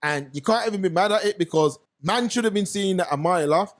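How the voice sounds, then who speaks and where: A young man with a London accent, hosting a casual talk show and telling stories in animated slang. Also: high voice, fast talker. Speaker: podcast host. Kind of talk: casual commentary chat.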